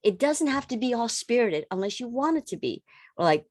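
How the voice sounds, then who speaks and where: A woman holistic coach giving a casual motivational talk, animated and repeating words for emphasis. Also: fairly high pitch, a little fast, dry recording, clean studio sound.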